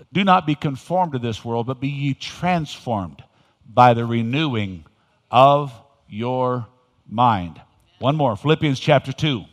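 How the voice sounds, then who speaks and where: Older man preaching in a big hall. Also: medium pitch. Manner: folksy storytelling with loud emphatic swings. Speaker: pastor. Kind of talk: sermon. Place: church sanctuary. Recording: reverberant hall.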